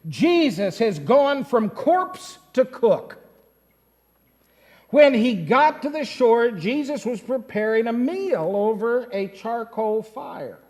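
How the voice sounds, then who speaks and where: Brief: male pastor, unhurried storytelling sermon, asks the congregation questions. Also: very high voice, very animated, darkish tone. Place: church sanctuary. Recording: long church-hall reverb.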